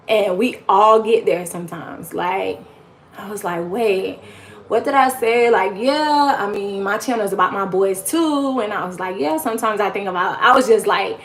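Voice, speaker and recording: Speaking at a measured pace in a mid-range voice, an adult mother of four talks casually to her YouTube livestream. Her talk is rambling and encouraging, sprinkled heavily with "like."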